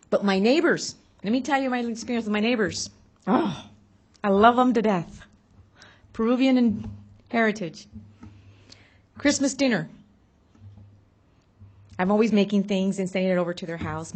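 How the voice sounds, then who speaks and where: A woman with a husky, slightly breathy voice speaks to an audience in a public talk. She moves between earnest points and animated storytelling, acting out the people she quotes. She is of Mexican heritage. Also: medium pitch. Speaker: speaker on community advocacy.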